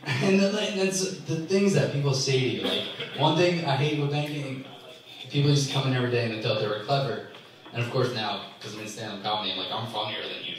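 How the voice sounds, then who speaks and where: A young man doing a stand-up comedy set in a club, ranting with exasperation and sudden jumps in pitch. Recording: echoey club from far off. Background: audience laughter.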